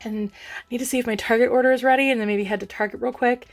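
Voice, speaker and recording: Frazzled young woman vlogging, voice a bit on the high side, talks to herself a lot. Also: fairly even intonation, fast talker. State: frustrated. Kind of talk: casual vlog chat.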